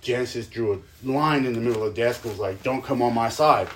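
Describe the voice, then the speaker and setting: A young man, a stepdad, telling stories in casual chat, animated and swearing, often laughing. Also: medium pitch, fairly quick, a little hiss or hum.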